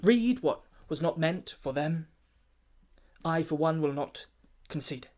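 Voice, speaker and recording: Guy doing a stuck-up poetry gatekeeper, pompous rhyming briefing, kinda high voice. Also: animated, a little slow, darkish tone. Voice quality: pompous, grandiloquent, rhythmic recitation. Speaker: comic poet. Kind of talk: comic rhyming spoken-word satire.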